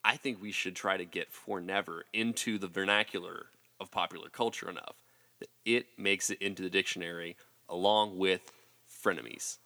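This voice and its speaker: A man's voice: low-pitched, fairly even intonation, sharp tone. A man co-hosting a podcast, recapping a movie in casual chat with joking asides. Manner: joking, quick asides with acted quotes. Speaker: podcast co-host.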